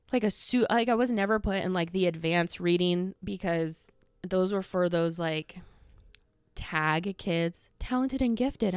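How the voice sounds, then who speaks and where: A woman's voice: mid-range voice, clean tone, no echo, clean studio sound. Heated, sarcastic woman ranting. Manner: heated, sarcastic, swears freely, mimics people. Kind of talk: casual solo rant.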